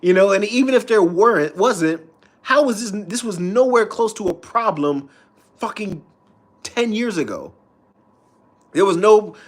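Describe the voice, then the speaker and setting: A man's voice: high voice, expressive, normal speed. A man ranting on an unscripted live stream and reading comments, heated and profane, with his voice swinging sharply up and down.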